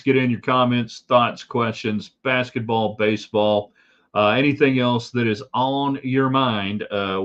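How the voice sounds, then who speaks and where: A man's voice: mid-range voice, fairly bright tone, highs cut off. A man hosting a live sports talk stream, opinionated and rambling with side remarks. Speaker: sports talk show host.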